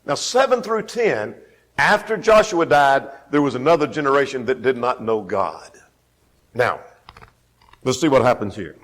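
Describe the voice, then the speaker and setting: A male Bible class teacher with a lively, up-and-down voice in a middle register. He stresses his points by repeating them and keeps asking his listeners questions. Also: mid-range voice, moderate pace. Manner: emphatic, repeats key phrases for the class.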